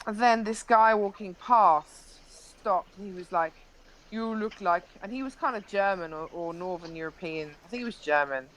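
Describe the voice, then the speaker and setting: A woman's voice: medium pitch, a bit bright, slight background noise, rough recording. A young woman, a live-stream interview guest, animatedly recounting an incident with frequent restarts.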